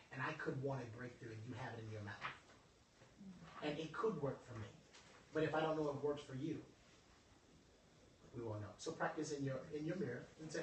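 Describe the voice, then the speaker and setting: A man giving a joking, animated motivational workshop talk to a group. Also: a little high, distant mic, a little hiss or hum. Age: adult over twenty-five. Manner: animated, joking, preacher-like delivery. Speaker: motivational speaker. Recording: echoey room, voice from afar.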